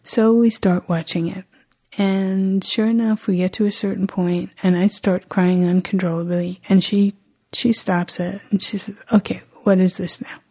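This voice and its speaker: A middle-aged woman telling a personal story in a reflective, halting way, often restarting her sentences. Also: medium pitch, flat delivery, dark tone.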